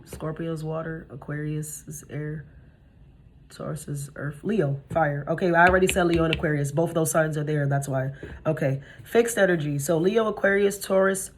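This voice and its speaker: A woman's voice: sits low, steady tone, normal speed, a little hiss or hum. A young woman giving a casual tarot reading, chatty and streetwise, talking straight to her viewers. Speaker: tarot reader.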